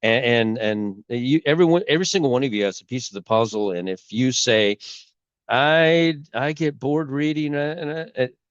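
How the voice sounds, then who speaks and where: A man hosting a casual religious commentary video, rambling and halting, with a cold and a sore throat. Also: mid-range voice, expressive, clean tone, no room sound, lo-fi sound. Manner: rambling, halting, many restarts. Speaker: YouTube host.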